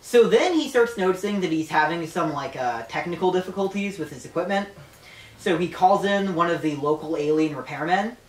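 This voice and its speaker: A woman casually retelling a novel's plot to friends, animated, with frequent swearing and laughter. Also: fairly low pitch, fairly quick, distant mic. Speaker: podcast co-host retelling a novel. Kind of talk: casual storytelling chat. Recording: roomy, off-mic.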